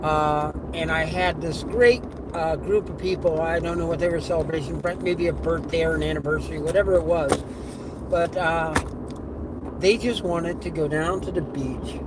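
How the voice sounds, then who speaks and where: A middle-aged man tells a casual story while driving, acting out the voices he quotes with lively energy. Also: fairly high pitch, moderate pace. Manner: animated, acts out quoted voices. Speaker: live streamer. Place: inside a car on the road. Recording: car and road noise behind.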